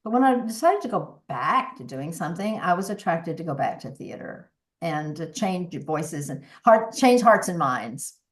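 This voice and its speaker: A woman's voice: lowish voice, sing-song, moderate pace. A woman in her sixties, a voice coach, talking earnestly and reflectively as a podcast guest, often restarting her sentences. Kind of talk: conversational interview.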